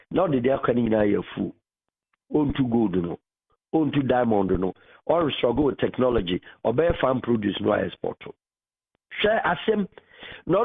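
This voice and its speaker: Animated Ghanaian radio host, husky voice. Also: male voice, medium pitch. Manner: animated, mixing Twi and English, rising to loud emphasis. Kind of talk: radio talk in Twi and English. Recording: phone-like radio broadcast audio.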